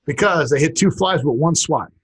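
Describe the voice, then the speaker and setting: With a fairly high, fairly bright but husky voice, this comedy podcast co-host reads funny sayings at a moderate pace. He chuckles as he goes and keeps breaking into goofy character voices.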